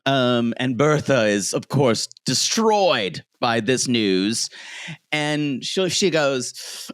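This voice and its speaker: Guy podcast host doing a chatty recap, super lively voice, keeps doing the characters' lines, dry close sound. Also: mid-range voice, drawn-out words, no echo. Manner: animated storyteller, acts out quotes, laughs often. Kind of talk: casual recap chat. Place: home, street noise outside.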